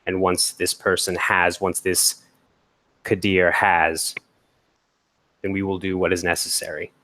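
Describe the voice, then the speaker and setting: A man voicing a quiet helmeted construct guardian. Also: deep voice, level tone. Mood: quiet resolve. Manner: quiet, measured.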